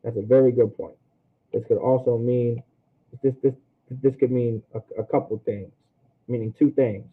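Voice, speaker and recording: A man's voice: medium pitch, fairly even intonation, moderate pace, breathy edge. Guy teaching a class, african american english accent, keeps saying all right?, sounds tinny like a phone. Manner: conversational, repeats and checks with "all right?".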